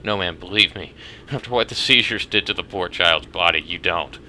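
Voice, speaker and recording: A man voicing a doctor who speaks softly and apologetically in a game's story. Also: sits low, pitched below the performer's own voice. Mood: somber. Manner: soft, apologetic and measured. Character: somber male doctor breaking bad news.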